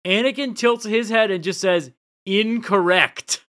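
A man's voice: a little high, animated, normal speed, a bit bright. A man co-hosting a podcast, casually recapping scenes and dropping the odd swear. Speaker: podcast co-host.

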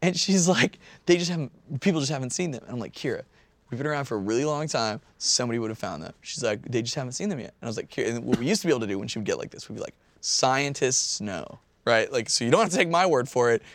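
A man in his thirties telling a story in casual chat, animated and swearing, often breaking into laughter. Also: medium pitch, fast talker, no echo.

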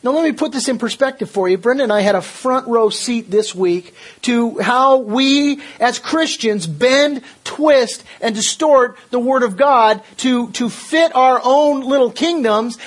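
An older man preaching a sermon as pastor, earnest, with stumbling restarts, building to forceful emphasis. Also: very high voice.

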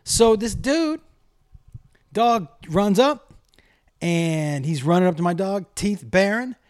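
A man's voice: high voice, lively intonation, takes it slowly, a little mellow. A middle-aged man telling a comic rant to camera, profane and exasperated as he tells a story.

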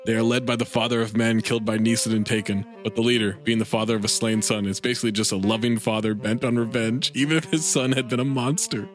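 A man's voice: medium pitch, fast talker, hardly any pauses, soft background music. Laid-back man reading a film review. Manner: reads review aloud, swears, jokes. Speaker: podcast co-host. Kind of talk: casual movie review chat.

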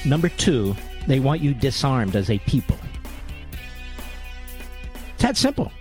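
A man's voice: medium pitch, very animated, unhurried, darkish tone, faint music behind. A man hosting a political talk radio show in a monologue, combative and sarcastic, with mocking nicknames.

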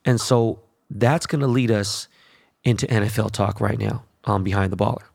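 Gravelly, profane man ranting. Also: on the low side, moderate pace, no room sound, clean studio sound. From Los Angeles. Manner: blunt, profane, animated. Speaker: podcast host. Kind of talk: profane casual rant.

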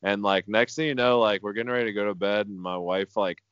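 A man with a low, resonant voice tells a rambling story on a podcast, scattering "like" through his sentences. His voice sounds smooth. The recording is dry and slightly dull. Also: fairly even intonation, fast, a bit bright, dry recording. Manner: rambling, many "like" fillers. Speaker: podcast co-host. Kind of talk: casual storytelling.

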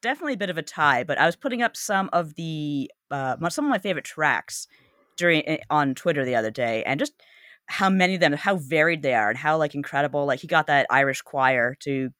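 Bright, eager woman gushing about games. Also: deep voice, lively intonation, brisk, dry recording, clean studio sound. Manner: eager, restarts mid-sentence. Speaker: podcast co-host. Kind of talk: casual enthusiastic game chat.

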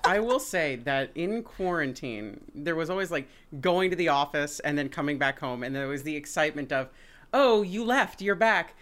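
A woman guest on a podcast, chatting casually over a video call in an animated way. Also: low voice, normal speed, hardly any pauses. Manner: animated, acts out pets' voices.

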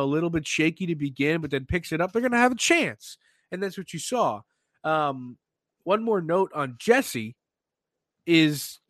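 Man, sports podcast host, excitable casual talk, fairly high voice, dry close sound. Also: no echo. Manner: animated, excitable, frequent restarts.

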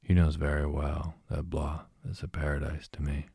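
Shy young woman in love, as a deep-voiced man reads her. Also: vocal fry, breathy edge, no room sound, clean studio sound, full character voice. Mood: tender. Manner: slow, soft, even reading.

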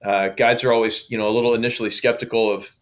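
A man from Oklahoma, a guest telling a story in a lively, casual way. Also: medium pitch, fast talker. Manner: lively, acts out quoted dialogue.

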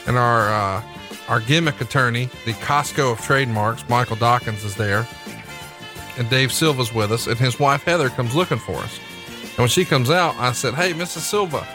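A man co-hosting a podcast, trading jokes in casual chat and reading an ad in a brash, wisecracking way. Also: medium pitch. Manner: brash, joking ad read. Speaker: podcast co-host.

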